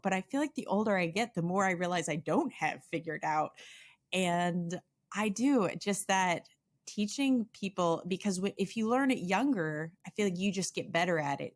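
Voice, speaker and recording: Chatty middle-aged woman podcast host. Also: on the low side. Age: 40s. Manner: chatty, laughs often, many "like" fillers. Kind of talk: casual interview chat.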